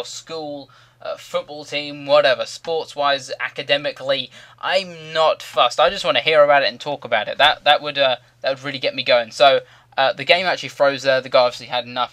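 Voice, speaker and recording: A man's voice: medium pitch, sharp tone. A man giving rambling, jokey commentary over a video game. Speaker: gaming commentator.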